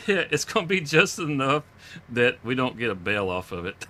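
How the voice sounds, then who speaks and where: Guy cracking jokes on a live game stream, bright voice, laughs a lot. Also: mid-range voice, big pitch swings, normal speed. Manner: joking, laughs often, talks to game animals. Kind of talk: live gameplay commentary.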